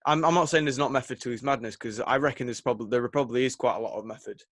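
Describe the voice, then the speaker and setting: A man's voice: mid-range voice, rapid-fire, fairly bright tone, dry recording. A young man, co-hosting a casual podcast chat, rambling and hesitant with lots of fillers. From England. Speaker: podcast co-host.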